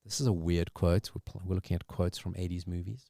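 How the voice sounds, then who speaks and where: A man co-hosting a casual podcast chat, reading movie quiz questions with lively delivery. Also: sits low, fairly quick, creaky, no room sound, studio quality. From South Africa. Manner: animated, reads movie quotes aloud. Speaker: podcast co-host.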